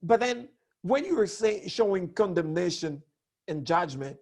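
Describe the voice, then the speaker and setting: A man teaching a lesson on public speaking, hoarse with a cracked voice, talking in an animated way that swoops between high and low tones. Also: unhurried. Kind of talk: online lesson.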